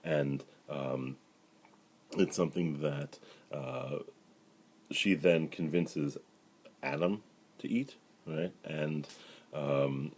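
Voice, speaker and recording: A middle-aged male rabbi giving a relaxed spoken Bible lesson, with lots of fillers and "right?" asides to his listeners. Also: rumbling low, breathy edge. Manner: conversational, many fillers and "right?" asides, paraphrases dialogue. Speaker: rabbi teaching the weekly Torah portion.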